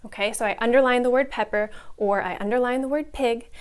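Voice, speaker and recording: A young adult woman who teaches English online runs a mock lesson and explains her techniques in an upbeat, exaggerated classroom voice. Her voice is a little high and clean in tone, and she talks fairly quickly.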